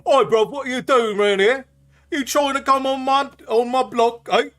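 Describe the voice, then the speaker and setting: A man's voice: very high voice, steady tone, normal speed, a bit bright, voice pushed up. A man voicing a cocky, street-tough male dragon who taunts in a swaggering way, on a storytime stream. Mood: taunting.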